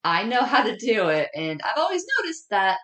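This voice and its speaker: A woman co-hosting a casual movie review podcast, chatty and lively, walking through scenes with lots of fillers. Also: mid-range voice, normal speed, reverberant. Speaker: podcast co-host.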